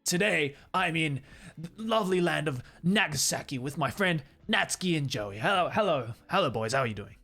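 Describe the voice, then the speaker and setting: A man impersonating a gruff southern British male travel presenter with a documentary narrator's inflection. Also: fairly high pitch, expressive, brisk, pushed and bright, soft background music, exaggerated voice. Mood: upbeat presenting.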